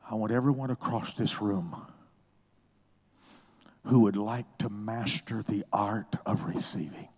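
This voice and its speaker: A man preaching a sermon, swinging between hushed whispers and loud, high exclamations in a husky voice. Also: steady tone, measured pace, long pauses.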